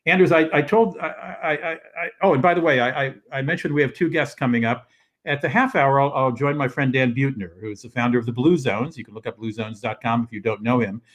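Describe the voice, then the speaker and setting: An older man hosts a casual travel show from his living room over a video call. He rambles along in a mid-pitched voice, full of fillers and restarts. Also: a little fast. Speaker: host. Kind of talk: casual live-stream talk. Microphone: video call setup.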